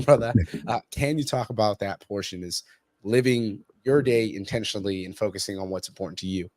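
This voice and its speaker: A man's voice: lowish voice, brisk, darkish tone, no room sound. A man hosting a casual interview, enthusiastic and friendly with his guest, whom he calls brother. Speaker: podcast host.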